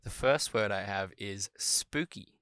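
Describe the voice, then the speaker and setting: A man's voice: fairly low pitch, a little slow, bright, forceful tone, clean tone, no room sound. A man hosting a solo podcast about word origins, chatting casually and thinking aloud as he goes. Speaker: podcast host.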